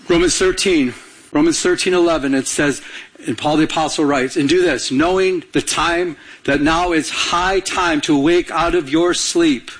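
A man delivers a sermon to his church with an urgent push, repeating words and restarting phrases for emphasis. His voice sits high and carries a husky edge. He keeps calling out questions for the congregation to answer. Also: normal speed, a bit bright, rough recording. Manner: urgent preaching with call-and-response questions to the congregation. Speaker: pastor.

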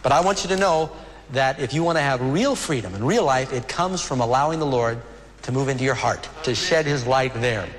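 A man preaching a sermon as a pastor, earnest and emotional, slowing down for dramatic pauses. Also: mid-range voice, in a large hall.

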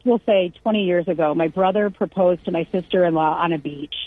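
Husky woman telling stories over a tinny line. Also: on the low side, brisk, no room sound. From California. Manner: animated anecdote-telling, acts out quotes. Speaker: storyteller. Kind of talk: casual chat. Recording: tinny phone-line sound.

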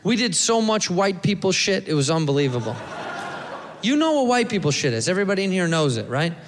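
A man from the United States doing a stand-up comedy set, animated and profane, slipping into funny voices for the people he mimics. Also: high voice, brisk. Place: comedy club stage. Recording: live club mic, echoey hall, audience noise. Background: audience laughter.

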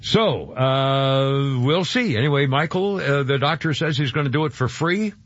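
A man's voice: medium pitch, animated, unhurried, fairly bright tone, a little hiss or hum. A man hosting a radio show, chatting casually in a rambling, jokey way with lots of fillers and restarts. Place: radio studio. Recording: dull lo-fi radio broadcast.

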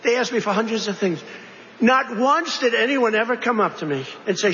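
High-voiced man rambling in a hall. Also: animated, normal speed, pushed and bright, a little hiss or hum. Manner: digressive, repetitive, conversational asides. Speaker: politician. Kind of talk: rambling political speech. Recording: reverberant hall, dull lo-fi sound.

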